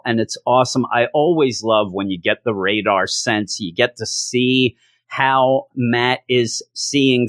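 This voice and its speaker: A man's voice: mid-range voice, no echo. A man reviews comics in a loose, joking way and keeps slipping into little voices for the characters. His voice sits in an ordinary middle register. The recording is dry and close, with no room sound. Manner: jokey, animated, acts out quotes from the story. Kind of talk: casual video review.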